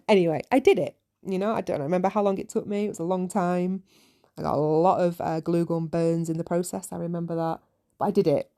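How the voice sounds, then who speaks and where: A woman's voice: on the low side, mellow. A woman hosting a podcast, telling her story in a chatty, candid way with many "you know" asides. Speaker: podcast host. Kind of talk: casual solo podcast storytelling.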